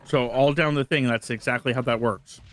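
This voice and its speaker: A man's voice: medium pitch, normal speed. Laid-back male gamer streamer. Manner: relaxed, rambling, self-correcting. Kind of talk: casual let's-play chat.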